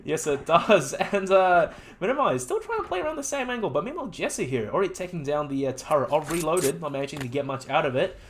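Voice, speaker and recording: Lively, excitable esports co-commentator. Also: mid-range voice, fast, few pauses. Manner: excitable, laughs often. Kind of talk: live game commentary. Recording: noisy background hiss.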